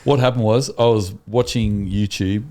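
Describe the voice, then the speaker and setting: A man's voice: fairly low pitch, steady tone, normal speed, darkish tone. A man co-hosting a church podcast, chatting casually and telling a rambling story with enthusiasm. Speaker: podcast co-host. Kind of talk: casual chat.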